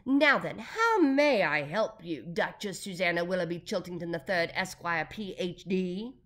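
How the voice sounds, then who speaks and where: A woman doing a loud, playful billionaire man. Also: lowish voice, animated, measured pace. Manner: bouncy, loud, punning.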